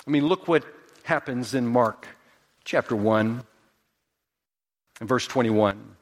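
Male pastor, sermon, swings from loud high peaks to soft slow lines, long hall reverb. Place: church sanctuary.

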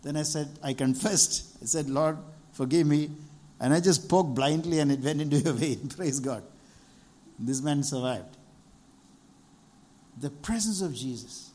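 A man's voice: fairly high pitch, a little mellow. A middle-aged man from India preaching a sermon and sharing a personal testimony, earnest and repeating key phrases for emphasis. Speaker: preacher, doctor.

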